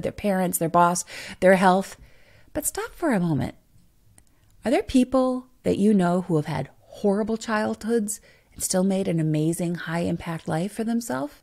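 A woman's voice: medium pitch, warm tone. A woman hosting a podcast, giving a motivational monologue with emphatic rhetorical questions to the listener. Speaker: podcast host.

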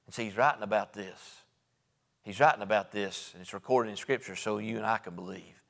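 A man with a Southern American accent preaching a sermon in folksy storytelling style, acting out Bible figures and moving between soft low asides and raised, emphatic preaching. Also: a little fast, gravelly, big-room sound. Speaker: pastor. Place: church sanctuary.

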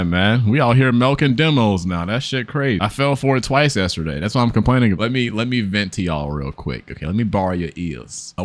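A young man talks through his game session in a loose, profane, joking way. He addresses his viewers like friends. His pitch moves around a lot in a middle register. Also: no room sound. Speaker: gaming YouTuber. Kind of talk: casual gameplay commentary.

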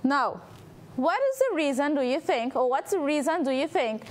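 A woman's voice: high-pitched, expressive, normal speed. A woman with a Trinidadian accent, teaching grammar on a televised lesson, patient and explanatory, asking questions of viewers at home. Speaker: English teacher on a TV lesson show.

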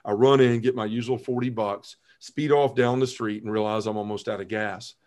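A man in his forties, a podcast guest telling his conversion story in an earnest, animated way, acting out his past self. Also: lowish voice, moderate pace.

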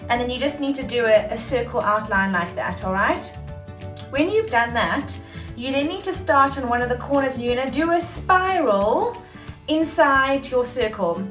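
A woman teacher walks children through a paper craft, chatty and instructive, with a slightly high voice. She sounds distant in a roomy space, with music clearly heard underneath. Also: lively intonation, normal speed, fairly bright tone. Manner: chatty, instructive, many fillers.

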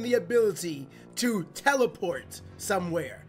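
Animated man commenting on a game. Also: high-pitched, moderate pace, husky, faint music behind. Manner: chatty, reacts loudly, reads game text aloud. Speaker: let's play host. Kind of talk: casual gameplay commentary.

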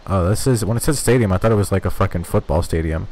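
Male streamer, deep-ish voice, loose profane banter, narrow vocal range, never shouts. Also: fast. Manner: profane, rambling and self-mocking, laughs often; talks in one steady voice, cannot scream. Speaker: streamer playing a video game. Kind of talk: casual live-stream commentary.

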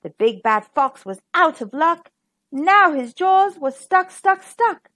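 A woman's voice: very high voice, big pitch swings, takes it slowly, a bit bright. A woman reading a rhyming picture book aloud to children in a sing-song, rhythmic way. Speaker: storybook reader. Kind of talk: children's storybook read-aloud.

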